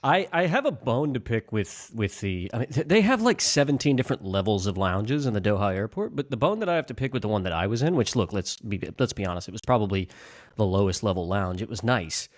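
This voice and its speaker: A man co-hosting a podcast, spinning animated, mildly exasperated stories. His voice is fairly low, and the sound is dry and close, with no room around it. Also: quick pace, no echo. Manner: animated, storytelling, exasperated rants. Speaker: podcast co-host. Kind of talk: casual podcast chat.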